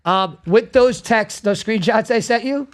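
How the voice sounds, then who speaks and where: A man hosting a casual podcast, telling animated stories and swearing freely. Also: high voice, a little slow, no echo, studio quality. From South Florida. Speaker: podcast host.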